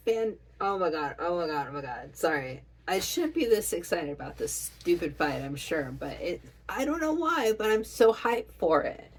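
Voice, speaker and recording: A woman reacting to an anime episode in casual commentary, gushing like an excitable fan. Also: a little high, a little slow, low-quality recording.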